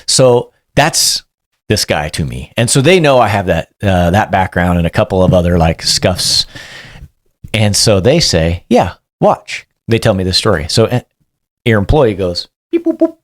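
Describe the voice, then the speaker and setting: A man, a police sergeant, telling a story in a casual and animated way as a podcast guest, acting out what people said. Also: deep voice, normal speed, no echo, clean studio sound. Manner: animated, acts out quotes.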